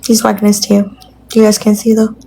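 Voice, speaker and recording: A young woman chatting on a phone livestream from her apartment. She rambles in a loose, unscripted way and slips into cooing baby-talk for her dog. Her voice sits at an ordinary middle pitch over a faint background hiss. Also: monotone, fairly quick, gravelly, dark tone. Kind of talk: casual livestream chat.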